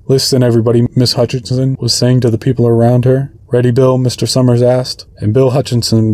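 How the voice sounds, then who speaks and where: Man reading a story in a flat, mellow voice. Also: medium pitch, no room sound. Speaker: reader. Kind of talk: reading a short story aloud.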